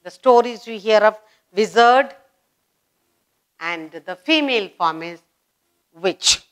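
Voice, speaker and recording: Slow-spoken woman teaching children. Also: medium pitch, expressive. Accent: Indian English. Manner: slow, drawn-out, repeats words with emphasis. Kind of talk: English grammar lesson for children.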